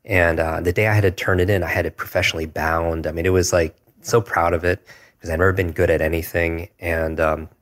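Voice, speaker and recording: A man's voice: sits low, flat delivery, fairly quick, fairly bright tone. A man in his forties tells a personal story as an interview guest, earnest and reflective, often adding "if you will". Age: 40s.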